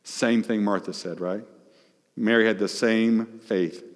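A man's voice: on the low side, steady tone, a little slow. Man preaching in a reverberant hall. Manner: questions the audience, emphatic, swings between loud and hushed. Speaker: pastor. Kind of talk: sermon.

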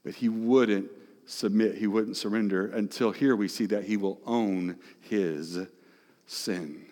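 A male pastor preaching a sermon, swinging between hushed, soft phrases and loud, emphatic ones. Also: fairly low pitch, fairly even intonation, takes it slowly. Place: large church hall. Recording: long echoing hall reverb.

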